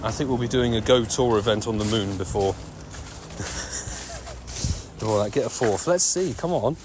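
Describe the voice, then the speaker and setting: A man giving excitable, nonstop live-stream commentary while walking outdoors and playing a mobile game. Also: lowish voice, fast. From United Kingdom. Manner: chatty, excitable running commentary, talking nonstop like a radio DJ. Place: outdoors on city streets. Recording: loud street noise with passing traffic.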